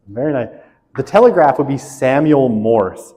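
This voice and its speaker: A man's voice: medium pitch, sing-song, normal speed, dark tone, in a large hall. A male instructor running a class quiz review, reading questions aloud and joking with students.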